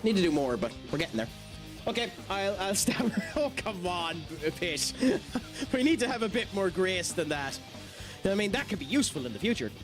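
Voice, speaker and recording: A man's voice: high-pitched, very animated, moderate pace. An Irish man streaming a video game, chatting with viewers, laughing often and swearing as he reacts. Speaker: gaming streamer. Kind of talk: live gameplay commentary chatting with viewers. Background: game music.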